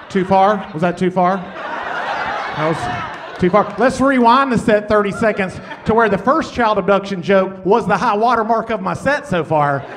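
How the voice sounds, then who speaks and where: A man performing a stand-up comedy set on stage, deadpan, with muttered asides. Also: high-pitched. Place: comedy stage with laughing audience. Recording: noisy stage recording.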